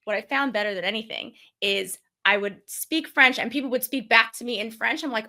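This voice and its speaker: A talkative woman from New York co-hosts a casual podcast. Her voice sits a little high and sounds bright. She often slips into a soft, low-key delivery. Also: fairly quick. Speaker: podcast co-host. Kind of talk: casual chat.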